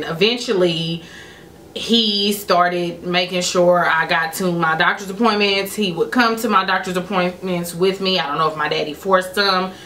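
A woman's voice: deep voice, fairly bright tone, slight background noise. Woman telling a story in a roomy space. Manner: candid, chatty storytelling addressed to viewers. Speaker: vlogger. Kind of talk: storytime vlog.

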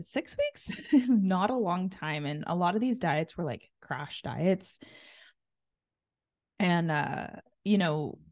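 Just back from a workout class and full of energy, a woman in her thirties hosts her casual solo podcast. Her low-pitched, slightly mellow voice is recorded dry with clean studio sound, and her upbeat chatter is packed with filler words.

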